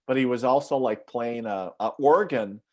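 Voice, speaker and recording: Man from Minnesota, interview guest, rambling storyteller, lots of fillers, mid-pitched voice. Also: moderate pace, a little mellow. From northern Minnesota, USA. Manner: rambling, anecdotal, frequent fillers. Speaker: psychic medium, interview guest.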